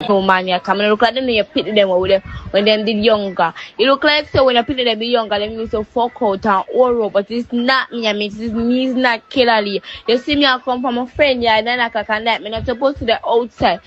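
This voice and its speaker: A woman's voice: on the high side, steady tone, fairly quick, few pauses, slight background noise. A woman with a Jamaican accent ranting in a voice note, scolding and hurling insults in a heated way. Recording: dull lo-fi voice note.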